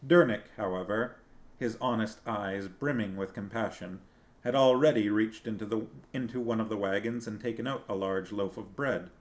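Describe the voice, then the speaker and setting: A man's voice: on the low side, moderate pace. A man narrating a fantasy novel aloud. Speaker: streamer reading a book.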